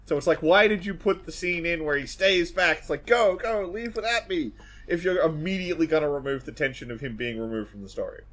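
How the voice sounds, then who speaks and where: A man's voice: fairly high pitch, fast, few pauses, a bit bright. A man co-hosting a casual podcast, talking bluntly and swearing freely. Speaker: podcast co-host.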